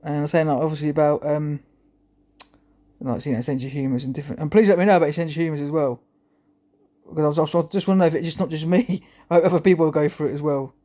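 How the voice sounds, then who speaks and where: A man's voice: on the high side, fairly even intonation, fast, warm tone. A man talking to camera in a rambling, chuckling monologue full of restarts. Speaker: vlogger.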